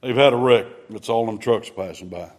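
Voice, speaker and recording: A man preaching a sermon in a folksy, conversational way, swinging between loud emphasis and hushed asides. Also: fairly low pitch, normal speed.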